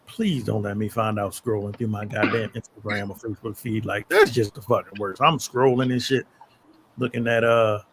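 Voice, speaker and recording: A man's voice: on the low side, fairly even intonation, normal speed, background noise. A man co-hosting a podcast in casual chat, blunt and profane. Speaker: podcast co-host.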